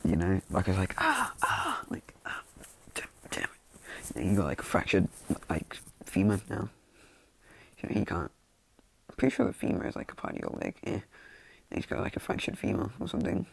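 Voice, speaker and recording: Casual storyteller, man, low and gravelly, rambling with endless fillers. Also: brisk, darkish tone, no room sound. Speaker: fan storyteller.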